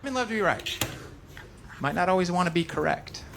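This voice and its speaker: A man's voice: high-pitched, animated, brisk, creaky, noisy background. A man doing a stand-up set in a wry, conversational way. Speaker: stand-up comedian.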